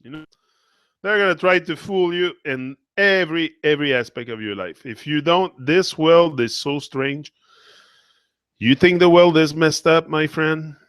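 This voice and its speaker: A man's voice: on the high side, a little slow, fairly bright tone, smooth, no room sound. Earnest man in a dry monologue. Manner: earnest, repetitive, emotional. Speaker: motivational speaker. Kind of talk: impassioned monologue.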